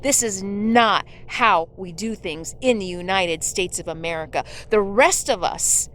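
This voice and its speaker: A woman's voice: mid-range voice, a little slow, few pauses, fairly bright tone. A woman vlogger giving an impassioned, indignant rant about the news, openly emotional and angry. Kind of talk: ranting political vlog.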